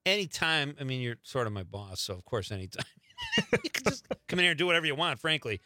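A man's voice: medium pitch, sing-song, fast talker, bright, forceful tone, slight background noise. A man hosting a radio show, chatting loosely and joking with a guest in the studio. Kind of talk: casual radio talk. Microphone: studio microphone.

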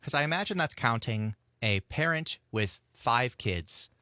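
A man's voice: mid-range voice, expressive, a little slow, bright, forceful tone, no room sound. A man working as a radio show's producer, trading wry remarks with the host in the studio. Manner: dry, wry quips. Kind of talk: casual on-air banter.

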